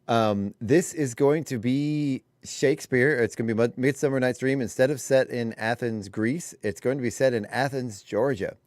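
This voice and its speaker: A man's voice: medium pitch, normal speed, few pauses, a little mellow, dry recording. A man co-hosting a morning radio show, chatty and rambling, at a studio microphone. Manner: chatty, rambling, self-correcting. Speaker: radio co-host.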